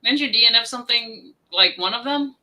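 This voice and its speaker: A woman in casual chat who coaxes and talks gently to a dog. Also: a little high, a little fast, low-quality recording. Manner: coaxing, talking gently to a dog. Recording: off-mic, with background noise.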